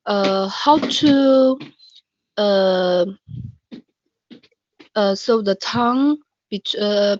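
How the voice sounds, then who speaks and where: A woman's voice: mid-range voice, dry recording. A woman whose first language is Chinese, asking a pronunciation question in an online class, hesitant and full of fillers. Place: online video call. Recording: dull lo-fi call audio.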